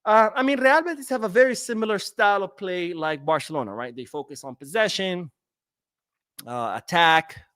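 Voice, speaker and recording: A man's voice: high-pitched, animated, moderate pace, a bit bright, no room sound. Man, casual livestream host, rambling chat, repeats himself, dry close mic. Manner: rambling, repeats words, answers chat comments. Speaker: podcast host reading live chat.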